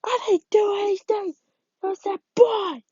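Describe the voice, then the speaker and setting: A woman's voice: steady tone, moderate pace, mellow, no echo. A woman voicing a panicked man being arrested, shrilly insisting he is innocent. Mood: frantic. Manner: frantic, shrill protesting. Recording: dull lo-fi sound.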